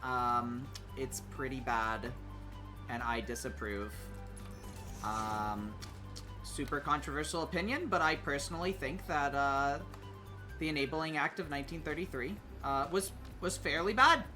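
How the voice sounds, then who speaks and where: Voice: medium pitch, measured pace, over music. A streamer chatting casually while playing a game, hesitant with many fillers and restarts, sometimes humming tunes. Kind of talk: casual gaming stream chat.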